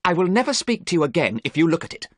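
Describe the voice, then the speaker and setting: A vain young gentleman drawls with cold, bored dismissal in a storybook reading, as a man puts him on. His voice sits well above the reader's own and swings widely, recorded dry and close. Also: fairly high pitch, big pitch swings, rapid-fire, no room sound, voice pushed up. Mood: alarmed.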